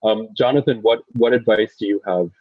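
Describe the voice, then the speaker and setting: A man moderating a panel in a relaxed, hesitant way, handing questions to the speakers. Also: fairly low pitch, a little fast, dry recording, narrow, tinny audio.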